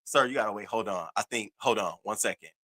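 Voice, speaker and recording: A calm male security guard, quiet and placating, in a lower and softer voice than the storyteller's own, as a man acts him out in a story. He keeps his tone low and asks someone to wait. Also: quick pace.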